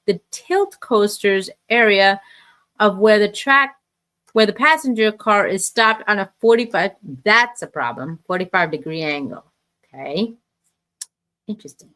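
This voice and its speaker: A woman's voice: medium pitch, fairly bright tone. Wry woman reading odd news aloud. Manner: wry, teasing, reads articles with asides. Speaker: podcast co-host. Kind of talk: casual news chat, reading headlines aloud.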